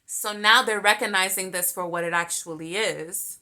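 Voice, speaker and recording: A young woman hosting a show, telling a personal story in a candid, animated way and swearing freely. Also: mid-range voice, normal speed. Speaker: podcast host. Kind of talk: casual storytelling monologue.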